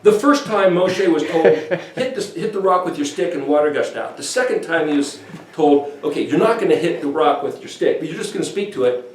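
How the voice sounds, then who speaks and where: A man giving an informal, animated scripture teaching, acting out quoted voices as he goes. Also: on the high side, brisk. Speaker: bible teacher. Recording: echoey room, voice from a distance.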